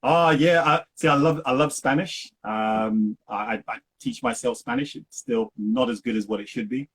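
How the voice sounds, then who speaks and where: A man's voice: medium pitch, normal speed, breathy edge. A man from the United Kingdom answering as an interview guest, easygoing and chatty with lots of fillers. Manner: easygoing, laughs often, many fillers. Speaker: interview guest, rum ambassador.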